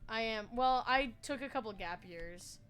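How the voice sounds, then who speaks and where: A woman's voice: fairly high pitch, moderate pace, a bit bright. A woman in her twenties chatting casually while playing a game on stream, rambling and giggly. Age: 20s. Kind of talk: casual gaming chat.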